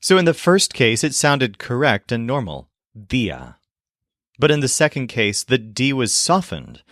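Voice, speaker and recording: A man teaching in a language lesson video, explaining clearly and modeling sounds slowly. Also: medium pitch, very animated, fairly bright tone, dry recording, studio quality. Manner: clear, demonstrative, slows to model pronunciation.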